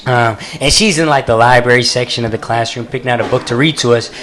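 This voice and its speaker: A man's voice: mid-range voice, fast talker, a bit bright. A man telling a comic story live on a small cafe stage into a handheld mic, in a loose, chatty way, laughing through it. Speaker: comedian.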